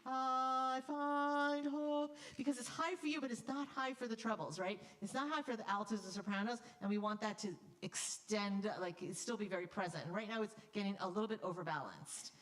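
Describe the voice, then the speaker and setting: A woman choir director coaching a choir in rehearsal, upbeat and brisk, breaking into sung demonstrations. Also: mid-range voice, poor audio.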